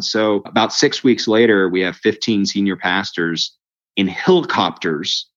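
A man telling his faith story in a conversation, lively, acting out the voices of the people in it. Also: lowish voice, unhurried, lo-fi sound. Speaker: guest telling his testimony. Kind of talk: storytelling interview chat.

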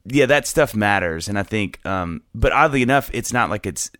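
A man's voice: lowish voice, expressive, normal speed, fairly bright tone, no echo, clean studio sound. A middle-aged man chatting casually as an interview guest, rambling, restarting his sentences and often laughing. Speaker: podcast guest, musician.

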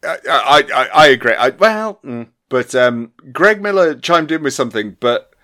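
A man reading out listener messages on a chatty podcast, his voice sitting at an ordinary middle pitch. He laughs a lot, trips over his own restarts and swears casually as he goes. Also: lively intonation, normal speed, pushed and bright. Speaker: podcast co-host.

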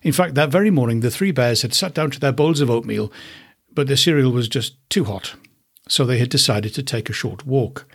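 A man, a podcast host, narrating a children's storybook in an expressive, unhurried way. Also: medium pitch, breathy edge.

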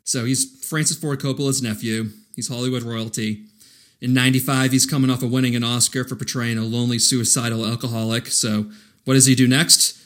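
A man's voice: mid-range voice, level tone, fairly quick, fairly bright tone. A man co-hosting a casual movie podcast, recapping the plot with dry jokes. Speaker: podcast co-host. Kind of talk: casual movie-review chat.

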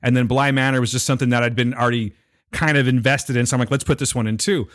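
A man's voice: mid-range voice, fairly even intonation, quick pace, no echo, studio quality. A middle-aged man co-hosting a podcast, chatting animatedly and often checking that he is understood. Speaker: podcast co-host. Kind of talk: casual chat.

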